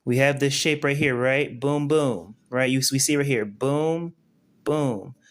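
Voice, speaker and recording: Speaking unhurriedly in a medium pitch, a spiritual teacher hosts an informal live-stream tutorial. He chats his way through each step and regularly pauses to make sure viewers are with him.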